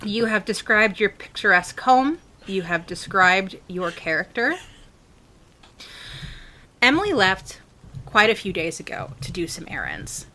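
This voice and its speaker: A woman hosting and running a tabletop game as dungeon master, with a quick, playful, animated way of talking. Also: medium pitch.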